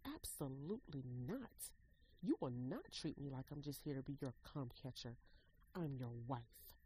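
A woman's voice: rumbling low, animated, unhurried, warm tone, slight background noise, pitched below the performer's own voice, low-quality recording. A woman voicing an indignant, hurt wife.

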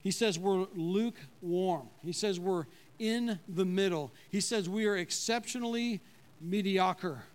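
A man with a fairly high voice preaching a sermon to his congregation. He speaks in a conversational way and keeps asking them questions. When he quotes God, his voice drops low and quiet. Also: measured pace. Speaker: pastor.

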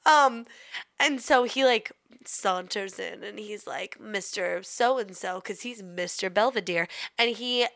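A woman co-hosting a podcast, telling stories in a casual, animated way with crude jokes. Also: medium pitch, a little slow. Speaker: podcast co-host. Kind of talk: casual chat.

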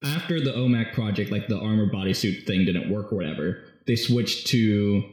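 A man's voice: fairly low pitch, normal speed, darkish tone. A man casually recapping a movie script as a podcast host, rambling and jokey, full of fillers. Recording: very echoey room.

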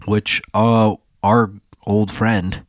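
A man co-hosting a podcast, chatting casually and telling stories with lively acted-out quotes. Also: very slow, no room sound, studio quality. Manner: animated storyteller, acts out quotes in a high voice. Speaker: podcast co-host. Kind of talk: casual chat.

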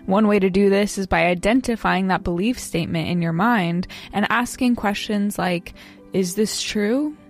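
A woman calmly introducing a podcast season, gently guiding listeners to breathe and reflect. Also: mid-range voice, normal speed, few pauses, faint music behind.

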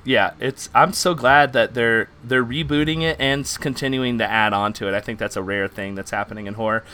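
Bright-voiced man hosting a quiz chat. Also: medium pitch, brisk, clear, resonant tone. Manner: reads out questions and scores, laughs easily. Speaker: podcast host running a quiz. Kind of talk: casual chat.

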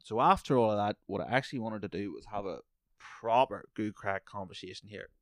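Guy podcast host going off on a sweary rant, lowish voice, dry sound. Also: fairly quick, dry recording. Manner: sweary, heated, storytelling. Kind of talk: profane ranting monologue.

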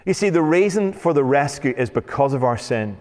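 Male preacher, mid-pitched, sermon with scripture readings, long hall reverb. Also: expressive, darkish tone. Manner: reads scripture aloud, slows down for emphasis.

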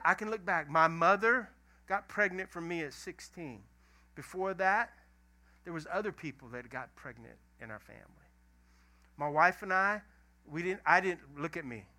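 A middle-aged pastor, preaching a lively, emphatic sermon full of stories. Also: male voice, high-pitched. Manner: animated, emphatic storytelling preaching.

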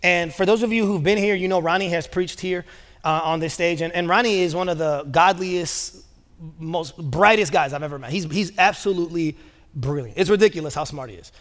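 A man's voice: on the high side, brisk, fairly bright tone. A man preaching a sermon as pastor, telling stories in a casual way with many fillers. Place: large church auditorium. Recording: long reverb of a large church hall.

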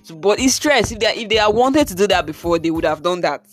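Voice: medium pitch, lively intonation, fast talker, faint music behind. A vlogger with a Nigerian accent telling a casual, exasperated story and dropping in pidgin slang.

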